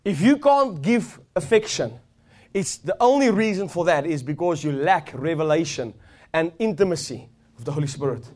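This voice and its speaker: A man on the high side, with lively intonation and a moderate, a little mellow delivery, preaches with fervor. Repeated phrases mark his sermon as it rises and gathers intensity.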